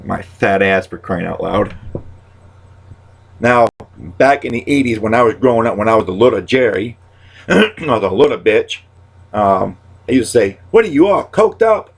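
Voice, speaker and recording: This thirty-something stand-up comedian rambles to the camera, restarting often and leaning on favorite catchphrases. His lowish voice is gravelly and husky, moving at a moderate pace broken by long pauses. Talk of loss makes him go quiet and subdued.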